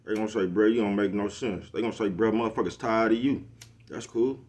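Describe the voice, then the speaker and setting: His voice lowish and a little mellow, a middle-aged man talks at a quick pace on his own vlog show. He rants casually to the camera, laid-back and slangy, constantly asking if you follow what he's saying.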